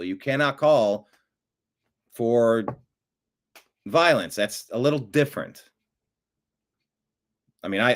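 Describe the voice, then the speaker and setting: A man with a mid-range voice hosts a talk show, delivering rambling, opinionated political commentary that swings between mutters and loud outbursts.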